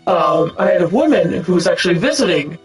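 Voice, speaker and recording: A man's voice: high voice, animated, fairly quick, faint music behind, rough recording. A man in his thirties from the United States, chatting casually while streaming a game, rambling and swearing with lots of fillers and restarts. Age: 30s.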